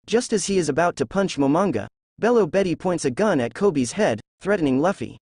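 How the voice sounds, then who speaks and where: A man narrating a fan novel aloud in a steady reading voice. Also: fairly high pitch, a little fast, husky, no echo, studio quality. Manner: steady reading, reads characters' lines in the same voice.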